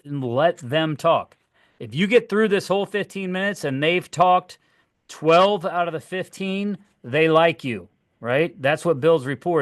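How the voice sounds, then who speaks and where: A middle-aged man coaching fellow agents, acting out conversations with clients in a lively, animated way. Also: a little high, no echo, clean studio sound. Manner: lively, acts out dialogues with clients. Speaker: real estate agent and trainer. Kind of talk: coaching session talk.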